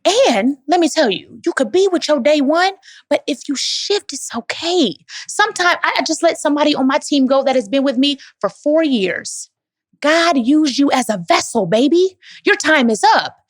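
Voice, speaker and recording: A woman's voice: high-pitched, lively intonation, moderate pace. A woman from Dallas, Texas, answering audience questions in an emphatic, preachy motivational way, calling listeners "baby.". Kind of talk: motivational live Q&A talk.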